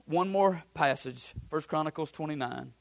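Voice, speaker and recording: Preaching pastor, rising emphatic repetition. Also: male voice, a little high, moderate pace, gravelly. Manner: preaching with repeated, building phrases and rising emphasis. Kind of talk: sermon.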